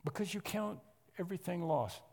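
A man preaching an expository sermon, emphatic and repetitive, often clearing his throat. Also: sits high, animated, fairly quick, a little mellow. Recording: long hall reverb.

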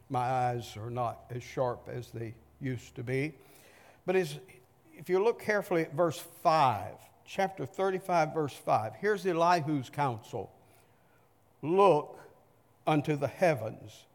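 An older man preaching a sermon, reading scripture aloud and pressing the point with emphatic rhetorical questions. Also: mid-range voice. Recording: long reverb from a large hall.

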